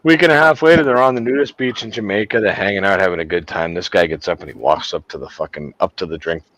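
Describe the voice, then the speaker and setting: A man who is a guest on a live stream, telling a crude joke in a profane, animated way. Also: deep voice, quick pace, rough recording.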